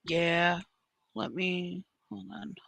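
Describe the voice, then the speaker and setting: Woman co-host reading comments on stream, bright sharp voice, quiet and dry. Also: on the low side, flat delivery, very slow, creaky, dry recording. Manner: soft-spoken, reading comments aloud. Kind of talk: casual chat on a livestream.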